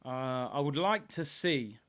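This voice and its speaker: A young man hosting a live football watchalong, chatting casually with viewers and bursting into excitement. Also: mid-range voice, measured pace. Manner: animated, banter with chat, bursts of excitement.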